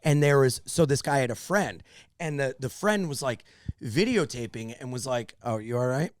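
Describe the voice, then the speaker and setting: A man's voice: mid-range voice, animated, moderate pace. A man hosting a podcast, telling a story in casual chat and acting out the voices of the people in it. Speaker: podcast host. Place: podcast studio.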